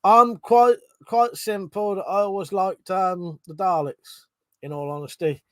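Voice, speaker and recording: A man's voice: high voice, steady tone, measured pace, dry recording. Chatty streamer man, dry close sound. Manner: chatty, swears casually, reads chat aloud. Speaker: live streamer host. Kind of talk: casual live-stream chat. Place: home room.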